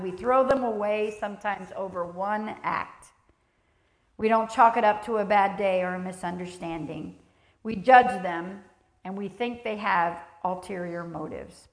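A woman preaching a sermon in a church, emphatic and lively, acting out the voices of the people she quotes. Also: mid-range voice. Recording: echoey church hall.

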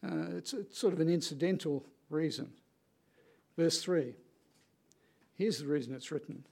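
Male preacher, slightly higher voice with a gravelly edge, earnest and conversational sermon delivery with pauses for weight. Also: darkish tone.

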